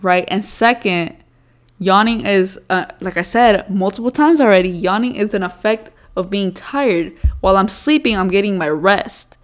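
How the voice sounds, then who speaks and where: Young woman, casual chat, lots of "like", sweary, mid-pitched voice. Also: moderate pace. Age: young adult. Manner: casual, heavy swearing, says "like" a lot. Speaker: podcast co-host.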